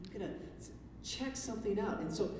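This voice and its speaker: In a church sanctuary, a pastor delivers a conversational sermon in a medium-pitched, expressive voice at a brisk pace. He poses rhetorical questions and often starts his sentences over. The recording is echoey and distant, with a noisy background.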